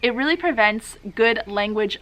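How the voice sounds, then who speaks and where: A woman vlogger who teaches languages talks straight to camera, cheerful and encouraging. Her voice is bright and a little high. She acts out short lines she might say to her students. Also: lively intonation, normal speed. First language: English. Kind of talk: advice vlog to camera.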